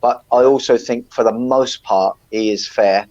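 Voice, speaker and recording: A man's voice: mid-range voice, steady tone, unhurried, darkish tone. A British man, a coach, speaking firmly in a casual sports chat, repeating his points with emphasis. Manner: firm, emphatic repetition. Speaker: coach and co-host. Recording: dry, muffled remote line.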